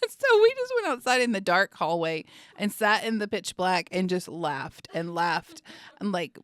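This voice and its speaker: A woman missionary guest telling a funny story in an interview, animated and laughing as she talks. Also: on the low side, normal speed, dry recording, studio quality.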